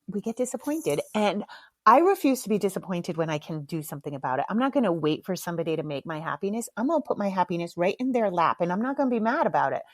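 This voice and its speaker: A middle-aged woman hosts her podcast in a loose, candid monologue, swearing freely and laughing as she tells a story. Her voice sits at an ordinary, mid-range pitch. The recording is close and dry, with no room sound. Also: dry recording. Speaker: podcast host.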